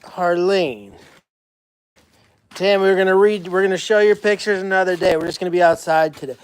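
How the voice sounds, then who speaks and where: High-voiced man chatting on a livestream. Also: steady tone, moderate pace, clean tone. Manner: chatty, greets viewers and calls animals by name. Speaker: animal sanctuary caretaker hosting a livestream. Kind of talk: casual livestream chat. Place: outdoors at an animal sanctuary.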